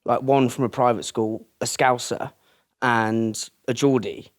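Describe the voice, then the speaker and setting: A man hosts a relaxed interview in a plain, middle-pitched voice. His questions wander informally, full of casual filler words. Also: a little slow. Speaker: podcast host.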